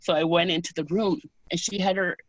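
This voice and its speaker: A woman as an interview guest, calmly recounting personal experiences in a soft, unhurried, hesitant way. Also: on the low side, no echo. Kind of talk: personal storytelling in conversation.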